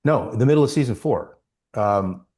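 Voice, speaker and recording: A man's voice: mid-range voice, normal speed. A man, an actor guest, telling stories in an interview and acting out quoted lines. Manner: animated storyteller, acts out quotes. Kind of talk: storytelling interview.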